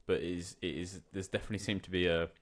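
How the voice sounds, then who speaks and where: Deep-voiced male podcast host. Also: fairly even intonation, fast. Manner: thoughtful, hesitant questions with fillers. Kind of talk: casual interview.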